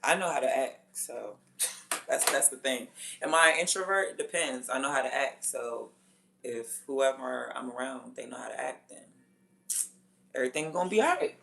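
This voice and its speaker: Gravelly, blunt DC-woman streamer. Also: rumbling low, moderate pace, a little hiss or hum. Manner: blunt, profane, drops from loud to near-whispered asides. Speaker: livestreamer. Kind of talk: casual livestream chat.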